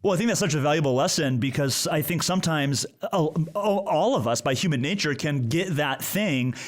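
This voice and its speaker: Fast-talking male podcast host. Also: a little high, expressive. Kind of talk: podcast interview questions.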